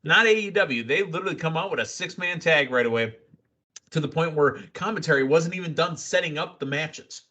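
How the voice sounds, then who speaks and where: A man hosting a casual wrestling recap podcast, excitable and quick with asides and laughs. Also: a little high, highs cut off. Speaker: podcast host.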